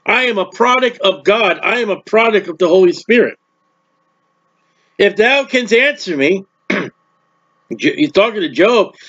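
A man's voice: high-pitched, a bit bright, highs cut off. A man preaching a sermon, reading scripture aloud and explaining it in a plain-spoken, emphatic way.

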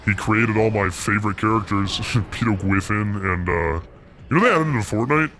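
A young man playing a laid-back slacker God, joking deadpan and rambling while gaming. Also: fairly low pitch, normal speed, slight background noise. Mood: casual. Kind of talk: improvised comedy while gaming.

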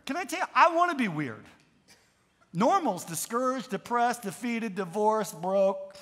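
A middle-aged male pastor with a notably high voice, preaching a sermon. He slides from easy storytelling into emphatic, rising declarations and leads the congregation in call-and-response. His voice rings with a long reverb in a large church hall. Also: expressive, measured pace, fairly bright tone. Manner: calls on the congregation to repeat lines.

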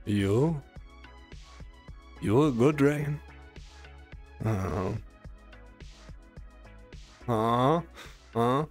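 A man's voice: medium pitch, animated, very slow, long pauses, soft background music. A man with a German accent, a streamer chatting casually and teasingly with his viewers, stammering and restarting often, his voice a little worn. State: strained voice. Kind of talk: casual live-stream chat.

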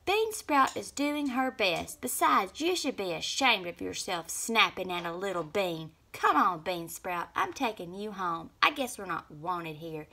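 A woman voicing a sweet, kind bean in a storybook, speaking gently. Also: medium pitch, animated, measured pace, hardly any pauses, exaggerated voice. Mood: gentle. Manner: sweet, soothing.

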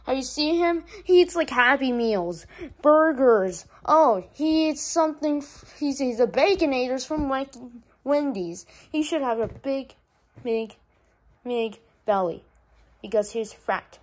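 A woman with a high voice voices a comedic puppet skit at an unhurried, drawn-out pace. She sounds exasperated and rambles on with complaints. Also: animated.

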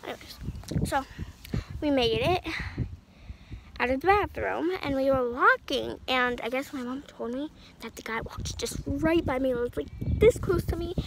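Teen girl vlogger, high-pitched, chatty and rambling, noticeable background noise. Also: expressive, a little slow, creaky. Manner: rambling, many "like" fillers. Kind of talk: casual storytime.

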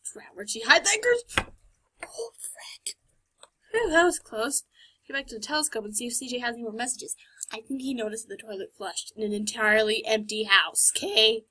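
A woman's voice: a little high, bright, forceful tone, breathy edge. Female gamer, sarcastic play-by-play, voice swings up and down a lot. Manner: chatty, sarcastic, talking back to characters. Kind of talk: let's play commentary.

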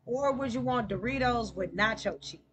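A woman hosting a livestream, chatting casually and cheering on her teammate with excited, slangy play-by-play. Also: a little high, normal speed. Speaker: livestream gamer host. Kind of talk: casual gaming chat.

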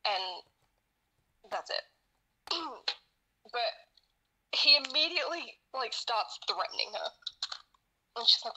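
A woman's voice: a little high, lively intonation, slow pace, pauses often, sharp tone, slight background noise, low-quality recording. A woman co-hosting a casual podcast, telling her story series in a rambling, sweary way with lots of laughing. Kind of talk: casual chat while gaming.

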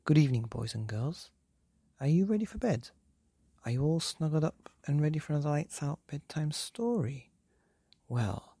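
A man narrates a bedtime story, his voice gravelly and husky, rising and falling lively as he reads. The sound is close and dry, with no room around it. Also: on the high side, no room sound. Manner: gentle, animated storytelling. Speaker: podcast storyteller.

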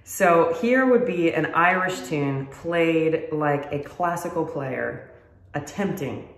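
A woman's voice: low voice, lively intonation, takes it slowly. A woman fiddle teacher explaining styles in a friendly, casual, self-deprecating way. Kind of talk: casual instructional talk to camera. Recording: roomy echo.

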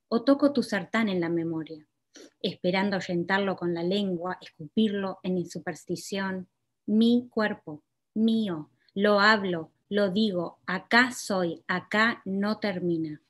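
Woman reading her own poems aloud, slow deliberate phrasing, middle pitch. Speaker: poet. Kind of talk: poetry reading.

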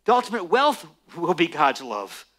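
A man, a Messianic rabbi, preaching a sermon emphatically and slowing down for stress on key lines. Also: on the high side. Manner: emphatic, animated preaching with dramatic slowdowns.

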